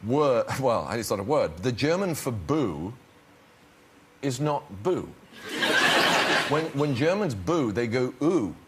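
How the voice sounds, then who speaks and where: A man's voice: mid-range voice, very animated, heavy background noise. A man, a guest actor telling self-deprecating stories on a talk show with many restarts. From England. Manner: self-deprecating, halting storyteller. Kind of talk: anecdotal talk show chat. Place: TV studio. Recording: TV studio with loud audience.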